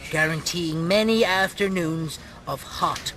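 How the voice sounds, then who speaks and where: A man's voice: a little high, measured pace, background noise, natural voice. A man with an Irish accent voicing a crude, cantankerous puppet who tells smutty stories and insults his brother. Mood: storytelling. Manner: mocking, insulting, gleefully crude. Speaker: puppet show co-host. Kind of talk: comic puppet storytelling and bickering.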